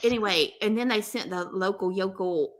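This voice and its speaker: A woman's voice: mid-range voice, moderate pace. A woman, telling a story in casual chat and acting out both sides of the dialogue. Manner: animated, laughing, acts out both sides of dialogue.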